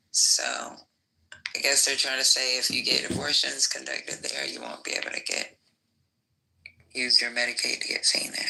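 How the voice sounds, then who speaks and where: A man's voice: medium pitch, sing-song, normal speed, creaky, sharp tone, low-quality recording. A man on a live panel, talking loosely and swearing, reading out news and then riffing on it. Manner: loose, profane, reads out news then riffs. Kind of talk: casual chat.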